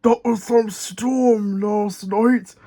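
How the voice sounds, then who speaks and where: A man reading a storybook aloud and voicing a relaxed talking steamroller with a rumbling drawl. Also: very slow, heavily acted. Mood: laid-back. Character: laid-back rumbling steamroller machine.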